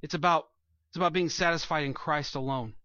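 A man's voice: on the high side, fairly even intonation, fairly quick, sharp tone, no echo, highs cut off. A man preaching a sermon as pastor, earnest and rising to emphatic peaks, speaking to a congregation in a church room.

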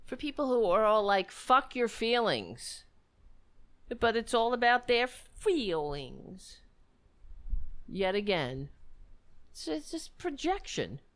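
A woman rants in fed-up, sarcastic commentary, her pitch sitting a bit high and swinging widely. She talks slowly and deliberately and swears freely. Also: a bit bright, smooth. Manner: sarcastic, exasperated, profane. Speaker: commentator reacting to clips. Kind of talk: ranting commentary.

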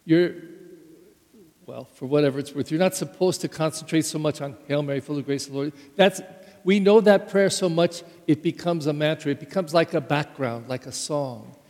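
Conversational priest preaching in echoing church. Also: male voice, on the high side, normal speed. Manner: conversational preaching with stressed words and sudden loud rises. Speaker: pastor. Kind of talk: sermon. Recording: live church hall with long reverb.

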